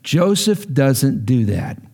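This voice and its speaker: A man's voice: mid-range voice, sing-song, slow, mellow. A middle-aged man preaching a sermon as a pastor, earnest and emphatic, his delivery rising sharply when stirred.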